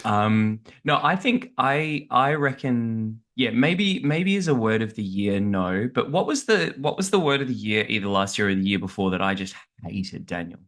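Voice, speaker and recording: Low-voiced man rambling in casual chat. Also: expressive, moderate pace, few pauses, a bit bright. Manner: rambling, hesitant, laughs a lot. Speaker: podcast co-host.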